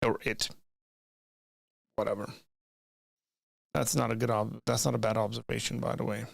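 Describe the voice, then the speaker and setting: A young man chats with his stream viewers in a loose, rambling way, often restarting his sentences. His voice is gravelly and fry-filled at an ordinary pitch. The sound is close and dry, from a desk microphone. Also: level tone, normal speed, no room sound. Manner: rambling, many restarts and asides. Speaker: streamer reading chat. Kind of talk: casual live-stream chat. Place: home room with bookshelves. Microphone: desk microphone, leans in close.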